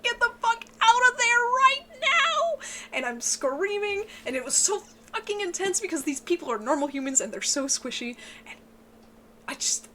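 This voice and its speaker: An excitable woman giving an emotional, casual book review, swearing often and sounding tearful. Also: a little hiss or hum. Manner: excitable, swears a lot, voice breaks into high yelps.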